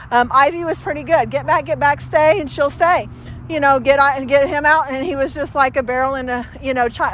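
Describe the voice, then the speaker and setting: A high-voiced woman leads a casual dog training demonstration, chatting with lots of fillers. Every so often she stops to give the dog short, cheerful praise.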